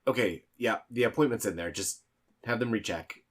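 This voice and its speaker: A man voicing a harried young office intern who stammers and rushes on the phone in a tabletop game. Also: on the low side, pitched above the performer's own voice, natural voice. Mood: flustered.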